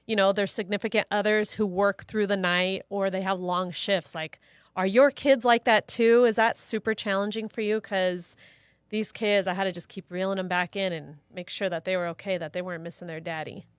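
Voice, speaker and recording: A woman's voice: mid-range voice, fairly even intonation, moderate pace, clear, resonant tone, dry recording, studio quality. A woman co-hosting a live show, chatting casually, telling family stories and reading viewer comments aloud. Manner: warm storyteller, reads viewer comments aloud. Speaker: co-host. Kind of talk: casual chat.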